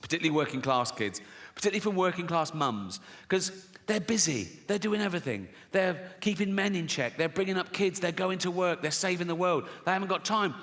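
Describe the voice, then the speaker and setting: A man's voice: high voice, animated, fairly quick, hardly any pauses, a bit bright. A man doing a stand-up routine, blunt and crude, mocking as he tells stories. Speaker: stand-up comedian. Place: live comedy stage. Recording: noisy live venue.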